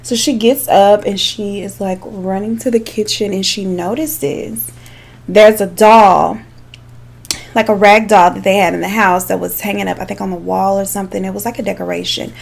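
A woman's voice: mid-range voice, steady tone, moderate pace, vocal fry. A woman telling a true crime story in a casual, chatty way, with frequent asides to her viewers. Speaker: true crime makeup vlogger.

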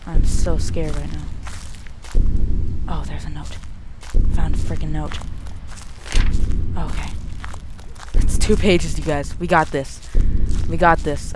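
Young gamer for horror let's play, jittery panicky muttering, slow delivery, noisy home recording. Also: medium pitch.

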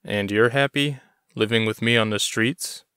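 A man's voice: on the low side, normal speed, bright, forceful tone, clean tone, no echo, studio quality. A man voicing a friendly, protective young man living on the streets, easygoing but a bit nervous.

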